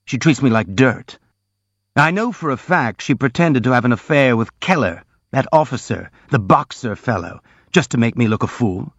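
A man's voice: mid-range voice, lively intonation, normal speed, no room sound. A brooding, jealous and passionate young man, as a male audiobook reader voices him, bitter and confiding. The sound is dry, close and a little lo-fi. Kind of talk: audiobook dialogue reading.

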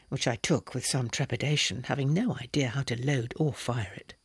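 Slightly husky male audiobook narrator. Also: fairly high pitch, dry recording, studio quality. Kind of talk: scripted narration.

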